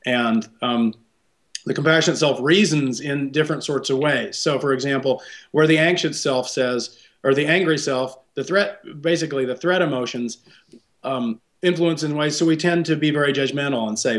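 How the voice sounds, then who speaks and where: A man's voice: medium pitch, moderate pace. Thoughtful man explaining, rising tag questions. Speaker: psychologist guest. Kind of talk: explaining in an interview.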